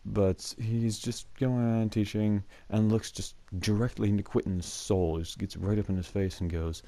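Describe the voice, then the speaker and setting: A man's voice: fairly low pitch, fairly even intonation, moderate pace, mellow, no echo. A young man hosting his own show, telling rambling school stories to the camera with many fillers and chuckles. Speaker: student storyteller, show host. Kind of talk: casual storytelling to camera. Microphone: mic that cuts out.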